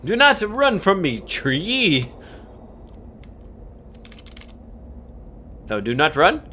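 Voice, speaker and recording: A man voicing a grim male woodcutter who speaks in mock-medieval phrasing, drawn out and raised above his usual pitch. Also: huge pitch swings, a little slow, bright, forceful tone, a little hiss or hum, exaggerated voice. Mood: commanding.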